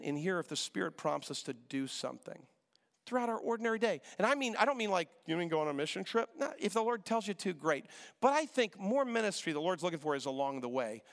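Male pastor, slightly high gravelly voice, animated sermon delivery, long hall reverb. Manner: animated preacher, acts out voices in quotes, repeats himself.

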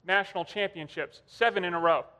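A man's voice: high voice, a little fast, sharp tone. A man preaching a sermon, telling stories in a conversational way. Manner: conversational storytelling. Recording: long hall reverb.

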